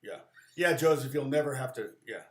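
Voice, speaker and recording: A man's voice: medium pitch, fairly quick, echoey room. A middle-aged man giving a casual live guitar lesson, rambling and chatty, with many restarts and side stories. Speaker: guitar teacher.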